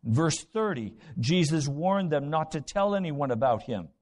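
A man's voice: fairly high pitch, expressive, unhurried, darkish tone. A man preaching a sermon, retelling Bible stories with dramatic voices and rhetorical questions. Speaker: pastor.

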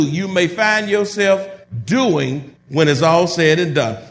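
A man preaching a sermon, reading scripture slowly and then breaking into loud, emphatic commentary. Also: fairly high pitch, animated, creaky, slight background noise. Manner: builds from measured reading to loud emphatic bursts.

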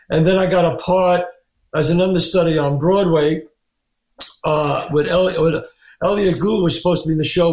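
A man, an actor and writer, telling animated anecdotes in an interview, acting out the people he quotes. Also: on the high side, echoey room. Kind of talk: storytelling interview.

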